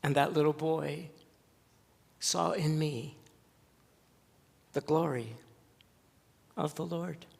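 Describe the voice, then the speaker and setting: A male pastor preaching a sermon, telling a story slowly and earnestly with dramatic pauses. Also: a little high, steady tone, creaky, breathy edge. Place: church sanctuary. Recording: long church reverb.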